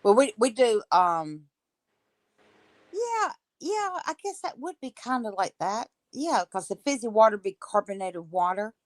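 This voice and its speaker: A woman's voice: on the high side, big pitch swings, measured pace, no room sound. A woman with a Southern American accent in casual chat, explaining things in a rambling, hesitant way. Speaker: co-host.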